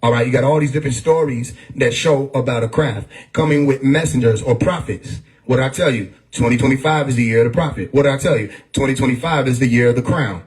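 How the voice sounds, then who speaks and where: A man's voice: mid-range voice, fast talker, few pauses, a little mellow. A man hosting a live stream, preaching in a casual monologue, often laughing and urging listeners to stay with him. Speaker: livestream host.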